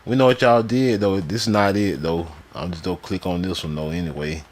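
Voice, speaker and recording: A man's voice: sits low, fairly even intonation, a little hiss or hum. A man live streaming, reading sources aloud and breaking off into loose, slangy, mocking commentary. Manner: loose slangy talk, quick to laugh and mock.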